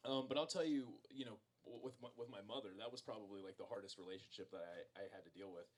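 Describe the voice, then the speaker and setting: A man's voice: lowish voice, fast talker. A man in his thirties telling a casual, self-deprecating story to an audience at a bookstore event, with many fillers and restarts. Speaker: author speaking at a book event.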